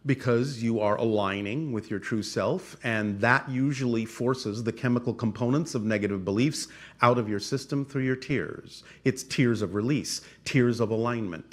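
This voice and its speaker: A man speaks in a formal, measured, channeled cadence, stacking repeated phrases and checking in with the listener. His pitch sits in a middle range, and his delivery stays steady and deliberate. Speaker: channeler answering audience questions. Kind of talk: channeled spiritual talk.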